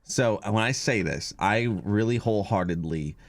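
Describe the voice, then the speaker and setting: A man's voice: fairly low pitch, expressive, moderate pace, no room sound. A man hosting a podcast in casual chat, rambling and hesitant, full of fillers, on a podcast microphone. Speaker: podcast host.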